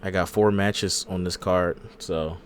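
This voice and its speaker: A man's voice: sits low, steady tone, measured pace, a crowd in the background. A man hosting a casual wrestling podcast, laid-back and opinionated, joking as he makes his calls. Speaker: podcast host.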